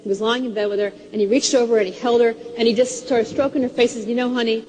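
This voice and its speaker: A woman's voice: a little high, fast. A woman relationship speaker giving a motivational seminar talk, telling stories animatedly and acting out quotes. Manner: animated storytelling, acts out quotes. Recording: reverberant hall, faint ambience.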